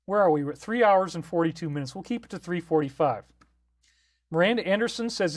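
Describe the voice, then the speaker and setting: A man's voice: high-pitched, lively intonation, fast. A man hosting a live stream, reading viewer comments aloud and answering them in an easygoing, off-the-cuff way.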